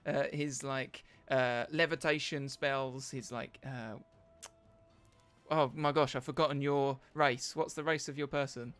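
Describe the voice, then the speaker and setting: A man narrating as dungeon master in an animated, laughing way, often searching for words. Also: mid-range voice, measured pace, clear, resonant tone, faint music behind. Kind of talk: narrating a tabletop game.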